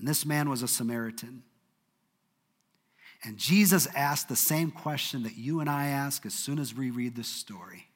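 A man preaching a sermon, telling a story earnestly, sometimes brisk and sometimes dropping to a hush. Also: medium pitch, big-room sound. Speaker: pastor.

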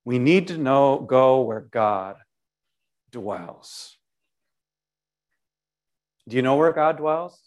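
A pastor preaching a sermon, leaning on key words and speaking playfully and directly to the congregation. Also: male voice, mid-range voice, lively intonation, extremely slow, long pauses, darkish tone. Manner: emphatic, lingering on key words.

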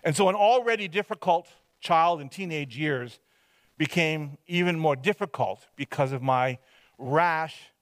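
A man's voice: a little high, measured pace, a bit bright, no echo. Self-deprecating man telling a story. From Hope, British Columbia, Canada. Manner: self-deprecating, rambling storyteller with frequent restarts. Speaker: speaker giving a testimony. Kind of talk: personal testimony storytelling.

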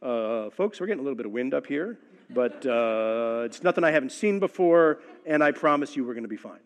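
A man doing a calm airline captain. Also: mid-range voice, lightly acted. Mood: calm reassuring. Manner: calm, unhurried, reassuring.

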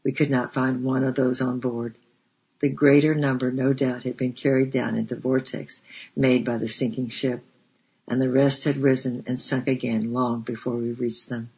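A man narrating a storybook in a measured, steady reading voice. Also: mid-range voice, breathy edge. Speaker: audiobook narrator. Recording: dull lo-fi recording.

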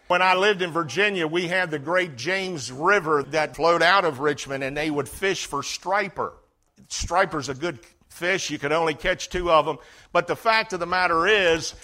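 A middle-aged male pastor preaching a folksy sermon, telling stories and swinging from loud emphasis to hushed tones. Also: on the high side.

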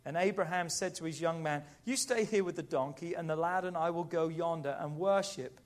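A middle-aged man preaching a sermon in a lively, conversational way, with playful asides. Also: on the high side, fairly quick. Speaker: pastor.

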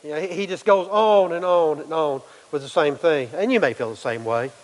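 A man's voice: fairly high pitch, fairly quick. Man preaching in a reverberant hall. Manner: conversational preaching, acts out quotes, repeats words. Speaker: pastor. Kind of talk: sermon.

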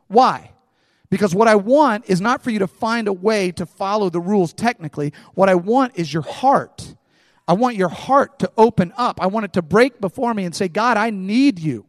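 Man preaching, high-pitched, conversational, stumbling restarts, church hall reverb. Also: animated, moderate pace. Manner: casual, conversational preaching with many fillers and restarts. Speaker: pastor. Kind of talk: sermon.

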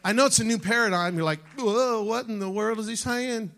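A male pastor delivers an animated sermon, calling out to his congregation. His voice sits high and carries a gravelly fry. He swings between loud exclamations and soft, hushed passages. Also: normal speed. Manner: animated preaching, shifting from shouts to near-whispers.

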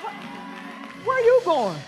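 A woman preacher giving a shouted, repetitive sermon in a church, calling out congregants by name and drawing responses. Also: extremely high pitch, huge pitch swings, slow pace, over music, crowd noise.

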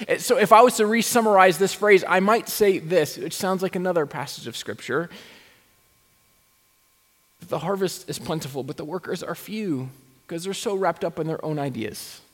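A man's voice: high voice, moderate pace, fairly bright tone. A male pastor delivers a sermon in a slightly raised register, mixing rhetorical questions with wry, self-aware asides. The sound carries a long, lingering reverb, as if picked up in a large church sanctuary.

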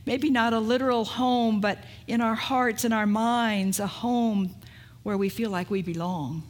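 A woman pastor preaching a sermon, retelling a story in an unhurried way and asking rhetorical questions. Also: a little high, fairly even intonation.

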